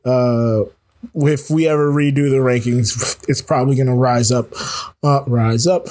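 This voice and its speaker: A man's voice: medium pitch, fairly even intonation, measured pace, darkish tone. Man with a slight slur, chatty. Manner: laughs often, rambling restarts. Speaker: podcast co-host. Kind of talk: casual chat about a musical.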